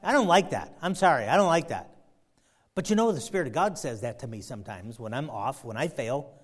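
A man preaching a sermon, fervent, swinging between loud emphasis and quiet asides. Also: mid-range voice, lively intonation, brisk. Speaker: pastor.

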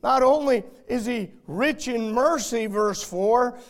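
High-voiced, slow-preaching man. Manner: swings from quiet storytelling to shouted emphasis. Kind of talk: sermon.

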